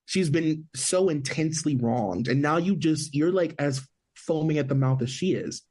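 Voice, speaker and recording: A man's voice: fairly high pitch, moderate pace, darkish tone. A man co-hosting a podcast, chatting loosely about a film and leaning on "like" a lot. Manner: chatty, heavy on filler "like". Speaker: podcast co-host. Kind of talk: casual movie review chat.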